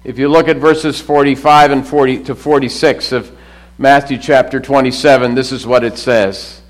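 A middle-aged man preaching a sermon, swinging between loud emphatic lines and low hushed drops. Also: steady tone, moderate pace, rough recording. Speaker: pastor.

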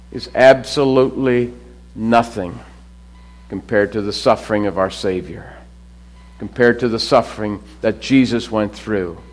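A middle-aged man preaching a sermon, swinging between loud emphatic lines and low hushed drops. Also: rough recording. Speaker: pastor.

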